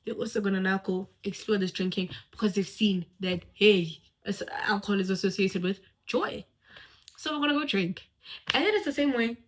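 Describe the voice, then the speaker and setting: A woman talking casually to camera about life lessons, animated and expressive, swinging from loud exclamations to hushed asides. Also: medium pitch. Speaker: vlogger giving life advice.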